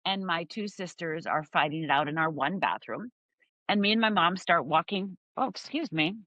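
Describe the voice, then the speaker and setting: A woman's voice: lowish voice, expressive, normal speed, bright, forceful tone, no echo, dull audio. A middle-aged woman from Upper Michigan telling her life story as a guest, acting out voices and moments vividly.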